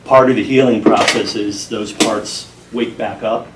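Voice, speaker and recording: A middle-aged man talking earnestly and deliberately as a guest in a sit-down interview. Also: fairly low pitch, fairly even intonation. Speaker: interview guest, program founder. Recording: echoey room, mic at a distance, faint noise.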